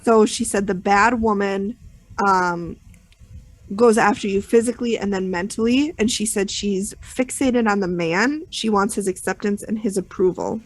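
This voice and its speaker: A woman's voice: medium pitch, normal speed. A woman co-hosting a podcast, recapping a TV episode in a chatty, rambling way with many fillers. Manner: chatty storytelling with many ums and you knows. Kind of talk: casual chat.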